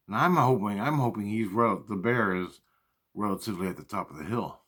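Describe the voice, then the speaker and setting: A man's voice: on the low side, a little fast, fairly bright tone, slightly rough. A man telling a personal story in a casual, rambling way, with lots of swearing and repeated phrases. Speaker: storyteller recounting personal experiences.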